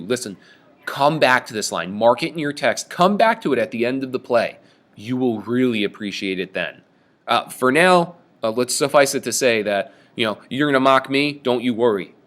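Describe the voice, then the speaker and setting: A man giving a lecture on a play, reading lines aloud and explaining them in an animated, casual way. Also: mid-range voice, moderate pace. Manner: animated, reads quoted lines with raised voice. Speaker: teacher.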